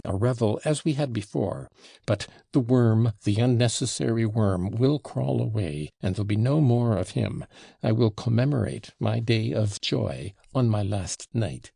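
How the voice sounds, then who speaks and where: A man reading the part of a frantic, wildly emotional young man, in halting, choked outbursts. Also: mid-range voice, creaky, mellow, husky, no room sound, clean studio sound. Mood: desperate.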